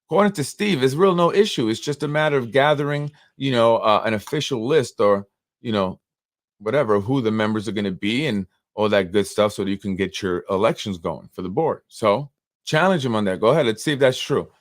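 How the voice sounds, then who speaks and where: A man's voice: mid-range voice, a little fast, no room sound, studio quality. A man with a New York accent hosting a local politics show, telling stories in a rambling, casual way full of fillers. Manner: rambling storytelling, many fillers. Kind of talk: casual live-stream commentary.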